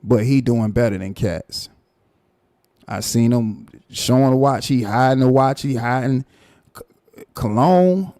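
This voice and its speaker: A man hosting a live stream, ranting in a mocking, animated way and repeating his points. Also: mid-range voice, measured pace, long pauses, no echo, clean studio sound. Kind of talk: casual commentary rant.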